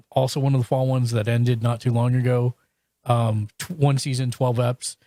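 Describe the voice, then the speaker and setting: A man hosting a casual podcast, talking at an ordinary middle pitch. He stumbles through restarts and fillers as he reviews shows. His voice is recorded close and dry, with no room sound. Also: a little mellow, no echo. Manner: halting, full of restarts and fillers. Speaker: podcast host.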